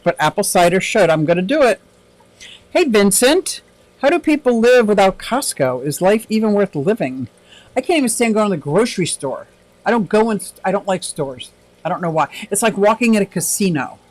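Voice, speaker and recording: A man with a high-pitched voice talks casually on a livestream. He rambles from topic to topic, reads out viewer comments and laughs easily. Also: no room sound, low-quality recording. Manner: chatty and rambling, laughs often. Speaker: aquarium livestream host.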